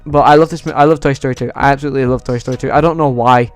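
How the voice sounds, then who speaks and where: Excitable guy, smooth voice. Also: mid-range voice, racing, faint music behind. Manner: excitable, swears freely. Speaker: YouTuber. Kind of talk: casual movie ranking vlog.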